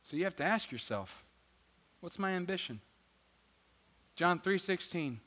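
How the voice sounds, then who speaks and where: A man preaching a sermon as pastor, energetic and joking, swinging between loud emphasis and quiet asides. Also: high voice, a little slow. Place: church sanctuary. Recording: church hall reverb with faint guitar.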